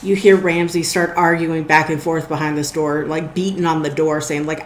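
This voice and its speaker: A woman with a lowish voice runs a tabletop game as game master. She narrates in a loose, easygoing way, full of fillers, and her voice carries a roomy echo. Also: flat delivery, moderate pace, few pauses. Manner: loose, with frequent fillers and restarts.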